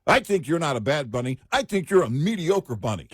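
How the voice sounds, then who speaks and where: Animated, opinionated male radio co-host. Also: fairly high pitch, fairly quick, husky, no room sound, clean studio sound. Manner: opinionated, emphatic, joking. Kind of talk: talk radio banter.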